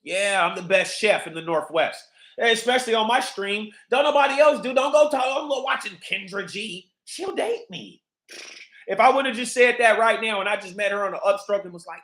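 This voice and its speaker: A man's voice: high-pitched, brisk, a bit bright, reverberant. A man hosting a livestream, ranting in a heated, profane, repetitive way. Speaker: livestream host.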